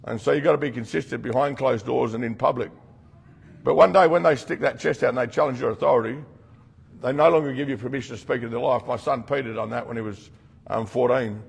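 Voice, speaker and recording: Middle-aged Australian man, rehab program leader: blunt, earnest talk to a group, husky and gravelly. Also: medium pitch, fast talker. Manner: blunt, earnest storytelling with slang. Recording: long reverb from a hall.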